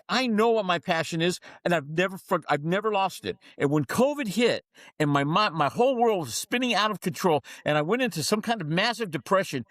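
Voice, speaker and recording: A male leadership coach telling stories on a podcast, his slightly high voice swooping up and down as he acts out the people he talks about. The delivery is emphatic and preacher-like. The sound is close and dry, with no room in it. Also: fairly bright tone, dry recording. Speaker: leadership coach and speaker for dentists. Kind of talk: storytelling in a podcast interview.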